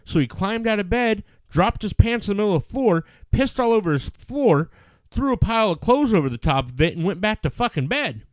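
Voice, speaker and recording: A man's voice: high-pitched, a little fast, no echo, clean studio sound. A middle-aged man, a podcast co-host, telling stories in casual chat with lots of swearing. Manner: profane, animated storyteller.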